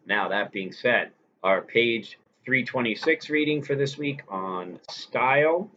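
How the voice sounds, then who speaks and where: A man's voice: lowish voice, fairly bright tone. A male teacher giving a recorded lecture, explaining step by step and checking in with "right?". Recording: slightly dull recording with faint hiss.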